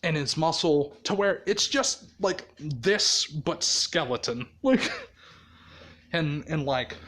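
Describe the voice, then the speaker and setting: A man spins a loose fan story in a casual, rambling way. His voice sits a bit higher than most men's, and he swears freely and keeps breaking into laughter. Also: fairly bright tone. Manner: rambling, profane, laughs often.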